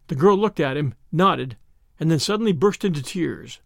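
A man narrating a novel aloud in a dramatic, expressive way. His voice sits high and moves in lively swings. The sound is close and dry, without room echo. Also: normal speed, gravelly. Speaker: audiobook narrator. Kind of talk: audiobook narration.

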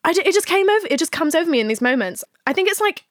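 A woman's voice: extremely high pitch, very animated, racing, no echo, clean studio sound. A woman hosting a podcast, talking frankly in a casual chat, swearing freely and laughing often. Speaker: podcast host.

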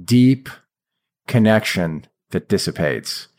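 A man's voice: on the low side, animated, slow, darkish tone. A man hosting an interview, asking probing questions in a hesitant, filler-heavy way. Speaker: interview host. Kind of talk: conversational interview.

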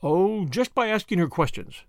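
A man's voice: sits high, very animated, dry recording, pitched above the performer's own voice. A man reading a dry, shrewd older lawyer. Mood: authoritative. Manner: deliberate, dry, authoritative. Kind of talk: audiobook character voice.

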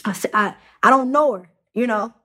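A young adult woman with a slightly high, sharp-toned voice appears as a podcast guest, telling a story casually. Her speech is halting, full of fillers and restarts.

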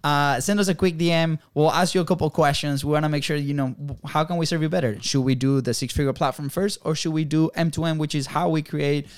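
A man co-hosting a podcast, upbeat and quick to laugh, who walks listeners through numbered action points. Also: on the high side, fairly even intonation, smooth, dry recording, clean studio sound. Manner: upbeat, laughs easily, sums things up in lists. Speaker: podcast co-host. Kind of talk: casual podcast chat.

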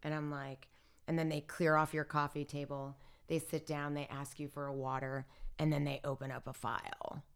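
Animated woman retelling a story. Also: low-pitched, normal speed, gravelly, clear, resonant tone. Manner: animated retelling, acts out what others said; filler-heavy, lots of "like" and "I'm like". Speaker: interview guest. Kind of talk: personal storytelling in casual conversation.

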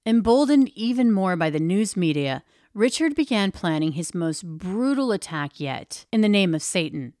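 A woman narrating a true-crime story in a steady, grave storytelling manner. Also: mid-range voice, moderate pace, hardly any pauses, dry recording, studio quality. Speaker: podcast narrator.

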